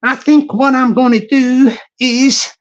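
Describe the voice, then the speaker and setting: A man's voice: extremely high pitch, steady tone, takes it slowly, muffled recording. A Scottish man live-streaming from his phone, chatting jokily in a put-on American accent and repeating his phrases. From Scotland. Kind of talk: casual live-stream chat.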